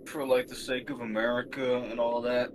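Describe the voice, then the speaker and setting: A man doing a comic impression of a former US president making halting excuses. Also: medium pitch, little pitch movement, background noise, lightly acted. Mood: sheepish. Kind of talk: comic impression during a stream.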